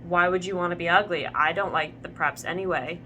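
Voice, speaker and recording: A woman voicing a crude, brooding teenage boy in a fanfic reading, in a flat deadpan way. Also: fairly low pitch, fairly quick, muffled recording, a little hiss or hum. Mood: scornful.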